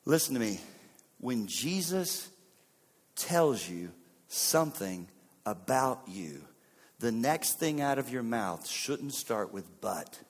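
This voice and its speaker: A man preaching a sermon with dramatic delivery. He acts out the lines of biblical figures, swinging sharply between loud and soft. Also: big pitch swings, slow pace, long reverb tail. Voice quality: dramatic, voicing biblical figures with wide swings in pitch and loudness. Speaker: pastor.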